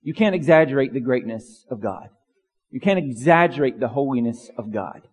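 Husky-voiced man preaching in a hall. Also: medium pitch, lively intonation, moderate pace. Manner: earnest preaching, builds in intensity through long lists. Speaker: pastor. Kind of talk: sermon. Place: church sanctuary.

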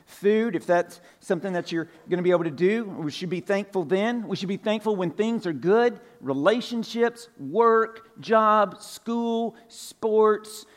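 Male pastor, slightly high voice, easygoing sermon delivery, restates points, loose filler words. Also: measured pace, few pauses. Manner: casual, repeats points, many "like" fillers. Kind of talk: conversational sermon. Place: church sanctuary.

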